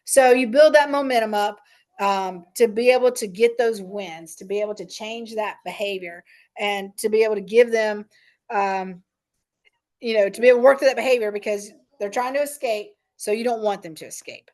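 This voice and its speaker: A woman's voice: medium pitch, normal speed, darkish tone. A middle-aged woman leading a parent training session in a casual, conversational way, often checking in with "right?" and "um". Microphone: meeting recording.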